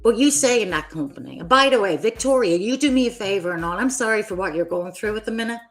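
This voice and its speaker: A woman's voice: mid-range voice, lively intonation, fast, faint music behind. A woman hosting her own livestream, delivering an angry, profane, confrontational rant at other creators. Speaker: streamer host.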